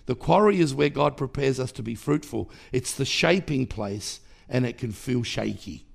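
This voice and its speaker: A man's voice: mid-range voice, expressive, normal speed, gravelly. A man preaching a sermon as pastor, emphatic and rhythmic, with repeated phrases and sudden rises in volume. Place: church.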